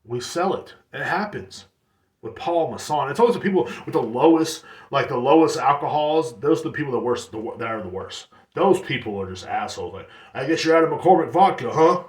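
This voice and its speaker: A man's voice: mid-range voice, lively intonation, fairly quick. Swearing, rambling man in a roomy echo. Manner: profane, rambling, heavy fillers. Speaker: podcast host streaming to chat. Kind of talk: casual ranting monologue.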